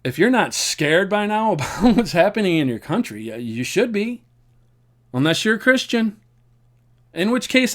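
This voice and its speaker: A man's voice: sits high, very animated, fast, fairly bright tone. A man giving casual commentary to camera in an earnest, rambling way, repeating himself and laughing wryly. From United States. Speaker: vlogger.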